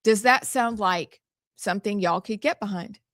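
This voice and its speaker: A woman's voice: mid-range voice, normal speed, a bit bright, dry recording. A woman, co-hosting a talk show and laying out the schedule in an upbeat way. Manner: upbeat, explains the show's schedule. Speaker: co-host. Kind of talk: casual talk-show chat.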